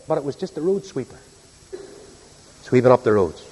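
A man's voice: on the high side, lively intonation, brisk, pauses often, mellow, slightly rough. A man preaching, telling a story in a homely, earnest way. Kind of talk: sermon storytelling. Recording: echoey hall.

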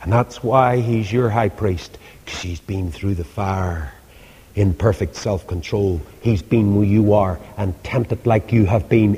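A man preaching a sermon, swinging between loud pleas and hushed asides. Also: lowish voice, a little slow, slightly rough. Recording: long hall reverb.

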